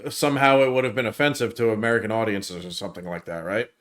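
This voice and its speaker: A man co-hosting a film review podcast, telling stories in an animated way and cursing often. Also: lowish voice, fast talker. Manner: animated storyteller, profane. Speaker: podcast co-host. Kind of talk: casual chat.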